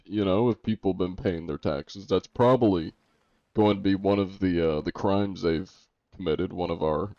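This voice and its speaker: Young American streamer, wry and joking, mellow dark tone. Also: male voice, sits low, dry recording. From United States. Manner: joking, reads chat aloud and answers it. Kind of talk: casual livestream chat. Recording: dull lo-fi stream audio.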